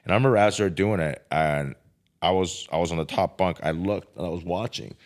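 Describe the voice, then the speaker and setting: Deep-voiced man telling a profane story. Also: a little fast. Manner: profane, animated, lots of filler like "dude" and "bro". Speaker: podcast guest telling his life story. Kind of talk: casual storytelling.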